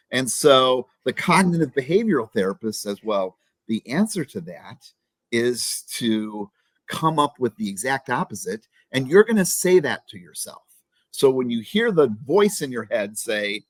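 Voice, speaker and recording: A man talking casually as a podcast guest, blunt and profane. He keeps acting out the nagging voice in people's heads. His voice sits at an ordinary middle pitch, recorded dry with no room sound. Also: very animated, a little slow, no echo. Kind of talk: casual interview talk.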